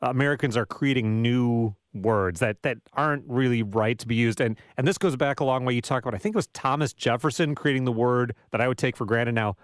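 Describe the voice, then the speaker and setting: A male radio host asks questions in a relaxed, musing way, often restarting his sentences. His voice sits in the middle range. It is recorded close in a dry studio. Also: medium pitch, brisk, hardly any pauses, no echo. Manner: conversational, musing, with hesitant restarts.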